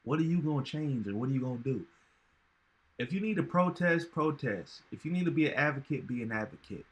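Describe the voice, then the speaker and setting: A man's voice: medium pitch, fairly bright tone. A man hosting a reaction video, talking in casual, emphatic commentary with slang and repeated phrases.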